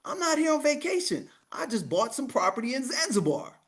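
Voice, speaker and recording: A man voicing a relaxed friend on a beach, quoted inside his own story. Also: very high voice, fairly quick, pitched above the performer's own voice, full character voice. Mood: laid-back.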